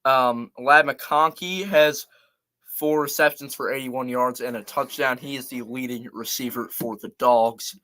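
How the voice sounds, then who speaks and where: A man's voice: mid-range voice, fairly even intonation, a little slow, sharp tone. A man hosting a casual live college football show, chatting loosely and reeling off scores and stats. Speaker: sports show host.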